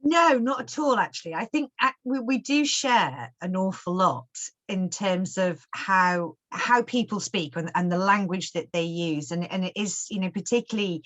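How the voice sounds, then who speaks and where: A woman's voice: mid-range voice, moderate pace, fairly bright tone. A woman, a writer talking casually on a panel, thoughtful and full of restarts and fillers. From Stoke-on-Trent, England.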